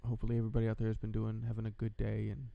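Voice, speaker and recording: A man's voice: on the low side, completely flat delivery, racing, gravelly, no echo, narrow, tinny audio. A man hosting a casual livestream chat, laid-back and rambling, with lots of fillers and restarts, talking into a desk microphone. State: tired, yawning. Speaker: livestream host.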